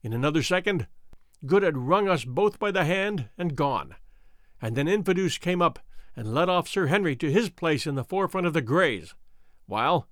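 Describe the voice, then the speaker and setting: A man narrates an adventure story in the first person. His reading is measured and expressive, and his voice sits a little higher than most men's. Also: dry recording. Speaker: audiobook narrator.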